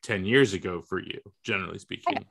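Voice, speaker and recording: A man's voice: sits low, lively intonation, quick pace, vocal fry, a bit bright, breathy edge. A man hosting a casual chat, musing and hedging as he talks. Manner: musing, hedging, says "like" often.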